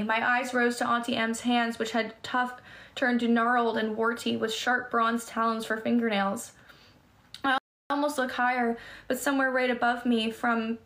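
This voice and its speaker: A woman with a fairly high voice reads a first-person adventure novel aloud. She keeps a plain storytelling pace and sometimes trips over a word and starts it again. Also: a bit bright. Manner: stumbles and restarts words while reading. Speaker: reader.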